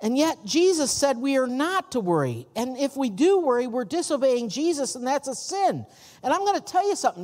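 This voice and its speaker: A man's voice: very high voice, in a large hall. A male pastor preaching a sermon in a church sanctuary, folksy and full of stories.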